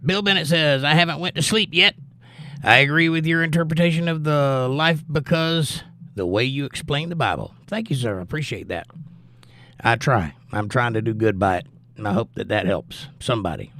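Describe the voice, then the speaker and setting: In a mid-range voice at a moderate pace, a man running a relaxed livestream reads comments from viewers aloud and answers each one warmly. The recording has no room sound.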